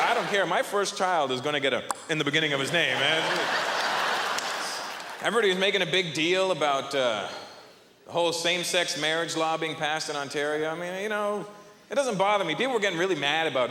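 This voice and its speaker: A young adult man doing a live stand-up set on a comedy club stage, animated and punchy, laughing at his own jokes, into a handheld mic. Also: fairly high pitch, fairly quick, heavy background noise. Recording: echoey hall, faint crowd ambience.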